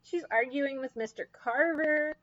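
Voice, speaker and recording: A high-voiced woman chats casually about a book she read, bouncing between her own thoughts and playful impressions of the characters. The recording sounds muffled and lo-fi. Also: unhurried. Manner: animated, acts out quoted characters, frequent laughs. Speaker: book discussion co-host. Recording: dull lo-fi recording.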